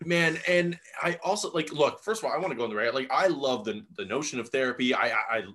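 Animated young man recapping a reality show. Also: medium pitch, fast talker. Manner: animated, mimics people he talks about. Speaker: podcast co-host. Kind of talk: casual recap chat.

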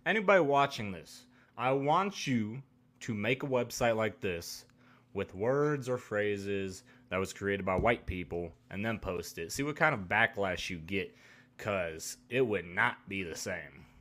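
A man with a low voice talking on a casual podcast. He chimes in bluntly and drily, often dropping quieter at the end of his lines. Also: lively intonation, unhurried. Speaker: podcast co-host.

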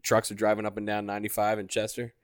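Blunt, low-voiced podcast co-host man. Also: completely flat delivery, fast, clean tone, no echo, studio quality. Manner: theorizing, blunt, swears. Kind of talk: profane casual chat.

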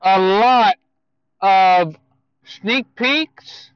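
A man giving casual movie news to viewers, speaking in a halting way with self-corrections and asides. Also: sits high, clear, resonant tone, no echo, muffled recording.

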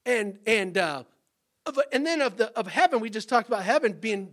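High-voiced animated male preacher. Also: moderate pace. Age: adult parent. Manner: animated, exclaims and acts out little dialogues. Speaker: pastor. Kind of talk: sermon.

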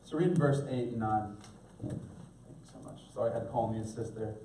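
A man preaching a sermon as pastor, animated, acting out voices for humor. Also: lowish voice, brisk, gravelly, a little hiss or hum. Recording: echoey room, voice from a distance.

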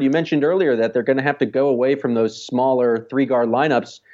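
A man's voice: mid-range voice, darkish tone, lo-fi sound. A man co-hosting a casual sports podcast, rambling and peppering his talk with "like.". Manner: rambling with many "like" fillers. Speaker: podcast co-host.

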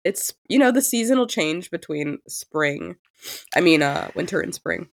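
A young woman co-hosting a casual podcast, hoarse from a cold, swearing and joking freely. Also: on the low side, lively intonation, measured pace. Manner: profane, joking, laughs often. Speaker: podcast co-host.

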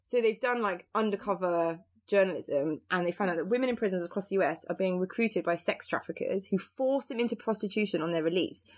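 A woman, co-hosting a casual podcast, telling news stories in an animated, laughing way with casual swearing. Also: medium pitch, brisk, hardly any pauses. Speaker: podcast co-host. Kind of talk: casual chat and news storytelling.

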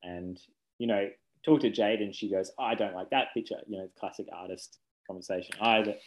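A man's voice: on the low side, steady tone, a little fast, lo-fi sound, a little hiss or hum. A man, a children's book author chatting casually in an interview, rambling and self-correcting, laughing easily.

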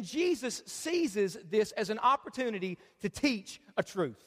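A man with a very high voice preaches a sermon in a church auditorium. He keeps it conversational and joking, drawing the crowd in to read along. Long reverb from the hall hangs on his words. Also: big pitch swings, measured pace, fairly bright tone. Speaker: pastor.

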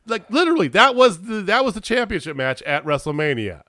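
A man in casual chat about wrestling, ranting in an animated way and swearing freely. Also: sits high, fairly quick, dry recording, clean studio sound. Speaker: podcast co-host.

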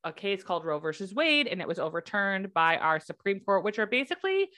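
A young woman from the United States co-hosting a casual podcast, telling stories with lively acted-out quotes. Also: mid-range voice, a little fast. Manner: animated storytelling, acts out quotes. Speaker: podcast co-host. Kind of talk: casual chat.

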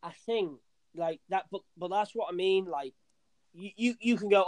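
A young man, talking fast and loose about football. His voice sits a little high for a man and sounds dry and close, as he rambles, restarts and swears freely. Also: animated, darkish tone, no echo. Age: young adult. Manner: rambling, sweary, restarts often, says "mate". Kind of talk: casual football chat.

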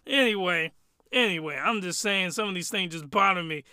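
A man's voice: sits high, moderate pace, bright, forceful tone, smooth, no echo, studio quality. A man giving a comedic review rant, rambling and exclamatory, with loose, colloquial talk. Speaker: anime reviewer.

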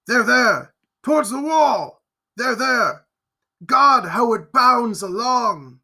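A man voicing a brave middle-aged gentleman in an audiobook, speaking in urgent, loud exclamations. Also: high-pitched, expressive, slow pace, exaggerated voice. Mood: frantic. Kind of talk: audiobook character reading.

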